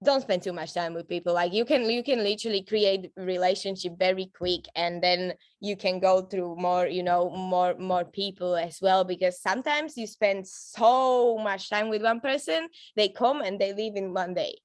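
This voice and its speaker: A network marketing trainer gives her team a casual, upbeat training talk, chatty and laughing often, with frequent fillers and restarts. Her mid-range voice moves at a moderate pace with hardly any pauses and no echo.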